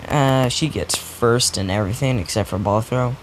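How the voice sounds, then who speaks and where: A rambling young man improvises a fan-fiction story in a mid-range voice at a moderate pace, swearing freely and restarting a lot. Steady background noise runs through the noisy recording.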